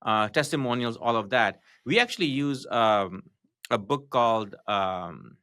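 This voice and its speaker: A man guest on a podcast, explaining business tactics in a halting, matter-of-fact way with many fillers and restarts. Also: medium pitch, lively intonation, fairly bright tone, clean tone, dry recording, studio quality. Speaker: podcast guest, marketing consultant. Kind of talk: casual podcast interview.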